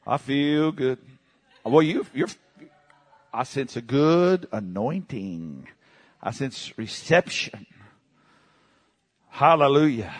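Charismatic preacher swinging from murmurs to shouts. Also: male voice, medium pitch. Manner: has the congregation repeat phrases. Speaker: pastor. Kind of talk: charismatic sermon.

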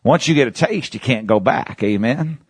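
A middle-aged man preaching in church, animated, rushing through some phrases and drawing out others slowly. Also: medium pitch, breathy edge, no echo. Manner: animated preaching, swings from fast bursts to slow emphatic words. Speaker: pastor. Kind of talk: lively sermon.

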